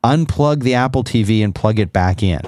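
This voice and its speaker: A man's voice: lowish voice, lively intonation, moderate pace, a little mellow. A man co-hosting a podcast, explaining gadgets in a rambling, self-correcting casual chat. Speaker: podcast co-host.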